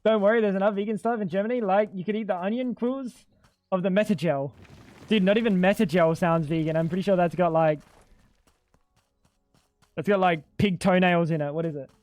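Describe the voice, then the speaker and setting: A man's voice: high-pitched, fairly quick, pauses often, darkish tone, dry recording. Profane joking streamer guy. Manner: joking, profane banter with chat. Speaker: livestreamer. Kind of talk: casual gaming livestream chat.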